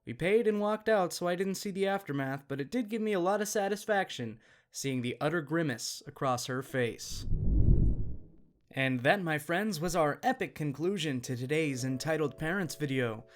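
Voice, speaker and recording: A man reading out a written story as the channel's narrator, in an even, matter-of-fact way. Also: on the high side, moderate pace. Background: faint guitar music.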